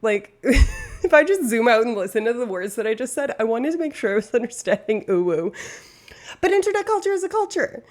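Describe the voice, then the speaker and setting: A woman's voice: a little high, big pitch swings, brisk. A young woman from Canada chatting casually on a live stream, rambling and interrupting herself.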